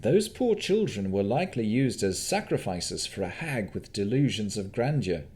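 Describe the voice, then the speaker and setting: A man voicing a calm, caring young woman adventurer in an audiobook. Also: on the low side, moderate pace, slight background noise. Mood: grim. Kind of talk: audiobook character voice.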